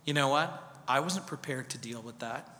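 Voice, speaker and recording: A pastor in his fifties preaching a sermon, telling a story dramatically and dropping from loud to hushed. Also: medium pitch, normal speed, a little hiss or hum. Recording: reverberant hall.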